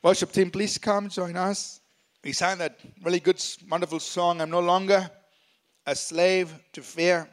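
Male pastor, high-pitched, exhorting sermon in church, repeats lines for emphasis. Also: level tone, a little slow. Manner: leads congregation in reading scripture aloud.

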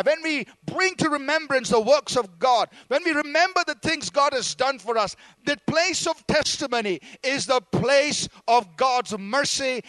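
Male preacher, very high and bright voice, emphatic, draws responses from the congregation. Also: no room sound. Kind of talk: sermon.

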